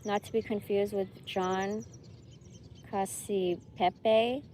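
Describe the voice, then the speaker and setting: This woman's mid-range voice is animated and moves at normal speed, with slight background noise behind it. Vlogging casually to camera, she chats with viewers, swears freely and breaks into laughter.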